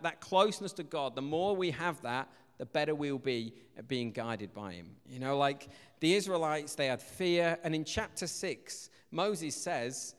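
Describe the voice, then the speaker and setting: A young man preaching a casual, jokey sermon in a church, telling stories in a lively, animated way. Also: fairly high pitch. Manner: chatty, jokey, animated storytelling with shouted asides. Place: church hall. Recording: long hall reverb.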